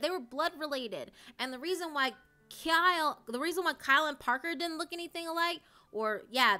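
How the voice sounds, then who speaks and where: Bright-voiced young woman ranting on stream. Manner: emotional, swears a lot, swings between loud outrage and low dejected mumbling. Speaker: streamer reacting to a story. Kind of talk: casual live-stream chat.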